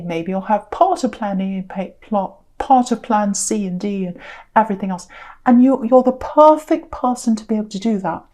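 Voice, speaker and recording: A woman giving a casual spoken tarot reading, chatty and rambling with many ums and restarts, offering gentle reassuring advice. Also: mid-range voice. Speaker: tarot reader.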